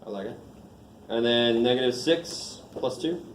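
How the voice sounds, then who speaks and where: A man's voice: medium pitch, expressive, unhurried, a little hiss or hum. A man teaching a math class in a casual lecture, joking and quizzing the students. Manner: joking, informal, asks the class questions. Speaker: math instructor. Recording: echoey classroom, faint ambience.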